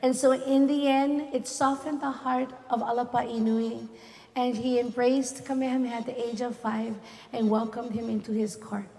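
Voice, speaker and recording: A woman's voice: on the high side, little pitch movement, normal speed, in a large hall. A woman with a Hawaiian Pidgin-inflected accent, a cultural storyteller speaking earnestly at a community reunion and weaving Hawaiian words into her talk. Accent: Hawaiian Pidgin-inflected English. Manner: earnest, warm-hearted, sprinkles Hawaiian words.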